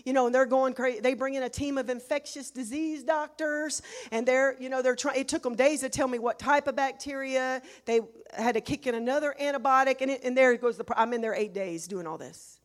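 A woman preacher giving a sermon in church, emotional and emphatic, swinging between hushed and loud. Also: high-pitched, fairly even intonation, brisk, hardly any pauses. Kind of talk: sermon with personal testimony.

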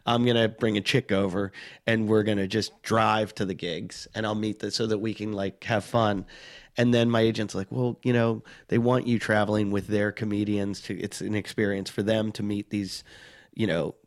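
A middle-aged man with a fairly low voice tells a long, rambling story in relaxed conversation. He mocks himself and slips into the voices of the people he quotes. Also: moderate pace. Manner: rambling, self-mocking, acts out quoted voices. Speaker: touring stand-up comic, podcast guest. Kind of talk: casual storytelling chat.

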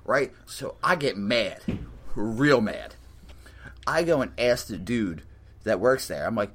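A young man telling a comedic story in an animated, profane rant, acting out his own lines. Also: mid-range voice, normal speed, slight background noise. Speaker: storyteller host.

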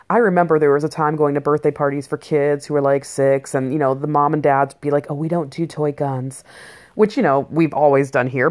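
A woman in her forties, a mother of boys, talking casually on her own in a rambling, blunt, profane way with plenty of fillers. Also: deep voice. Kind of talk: casual personal monologue.

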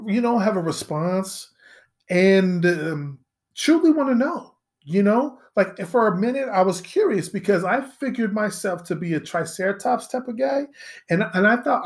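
A man hosting a solo podcast, telling a story as a profane, rambling rant and repeating himself in mock disbelief. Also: high voice. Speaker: podcast host.

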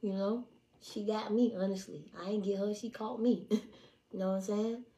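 A young woman in her twenties with a mid-pitched voice, talking straight to her live viewers. She is blunt and swears freely. She drops into hushed asides, then bursts out loud and animated. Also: normal speed. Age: 20s. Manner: swings between hushed asides and loud outbursts. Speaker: livestreamer. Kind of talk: casual storytelling to a live audience.

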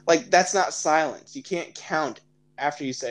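A man's voice: a little high, normal speed, poor audio. A young man co-hosting a podcast, teasing his friend in casual banter and laughing often. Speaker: podcast co-host.

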